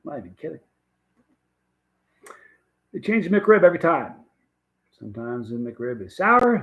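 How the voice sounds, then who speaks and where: Rambling folksy male stream host, fairly high voice, slightly muffled lo-fi audio. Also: sing-song, brisk, pauses often. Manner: rambling, folksy, reads viewer comments aloud. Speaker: livestream host reading viewer chat. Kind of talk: casual chat.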